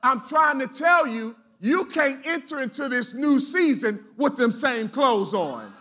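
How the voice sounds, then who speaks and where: A man's voice: very high-pitched, animated, measured pace, bright, forceful tone. A man preaching a sermon in a church, exhorting the congregation with call-and-response and casual, colloquial asides. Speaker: pastor. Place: church sanctuary.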